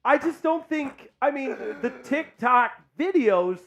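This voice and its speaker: A man hosting a casual live sports chat stream, hyped and joking as he shouts out viewers. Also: extremely high pitch, lively intonation, slow, background noise. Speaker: sports show host.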